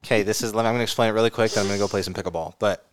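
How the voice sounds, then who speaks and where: A man's voice: fairly low pitch, steady tone, very fast, slight background noise. A man co-hosting a casual podcast, telling a story in a laid-back way. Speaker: podcast co-host. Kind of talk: casual couple's podcast chat.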